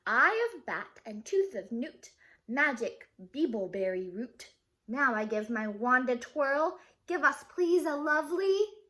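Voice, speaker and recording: A woman's voice: a little high, lively intonation, measured pace. A woman reading as a chanting old wizard. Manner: rhythmic chanting of rhymes. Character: tired old male wizard casting spells.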